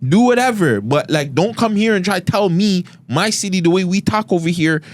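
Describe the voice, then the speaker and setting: A man's voice: high-pitched, lively intonation, fairly quick. A man with a Toronto accent hosting a podcast, arguing in a blunt, emphatic, profane way. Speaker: podcast host. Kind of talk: heated podcast debate.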